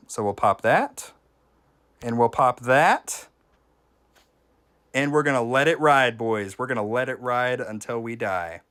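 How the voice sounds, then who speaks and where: A man streaming a game, giving casual gameplay commentary and chatting with viewers, with sudden excited reactions. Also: medium pitch, unhurried, pauses often.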